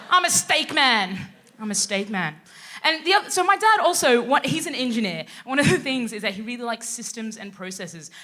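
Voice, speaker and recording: A woman in her twenties from Sudan, raised in Australia, performing a lively stand-up comedy set. She acts out the people in her stories. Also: a little high. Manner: animated, acts out quoted people. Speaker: comedian co-host. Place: live theatre stage.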